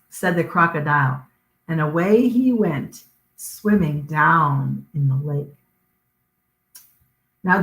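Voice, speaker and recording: Bright slow woman reading to children. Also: fairly low pitch, roomy sound. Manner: expressive storyteller. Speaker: children's librarian. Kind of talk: picture-book read-aloud. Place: outdoor garden.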